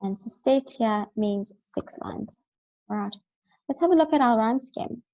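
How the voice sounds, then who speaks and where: Slow, patient woman teacher. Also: on the high side, expressive, mellow, muffled recording. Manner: patient, explanatory, checks in with "right?". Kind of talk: recorded classroom lesson.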